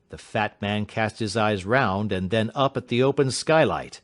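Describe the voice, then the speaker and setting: A man giving a measured, dramatic audiobook narration. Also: fairly low pitch. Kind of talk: scripted narration.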